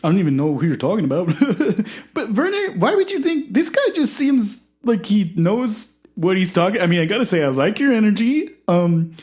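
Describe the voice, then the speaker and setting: A performer doing a loud, clueless, high-pitched host. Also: normal speed, natural voice. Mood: excited. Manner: excited, loud, rambling and clueless. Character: loud, excitable, clueless sports talk host. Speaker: talk show host. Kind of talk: comedy podcast character sketch.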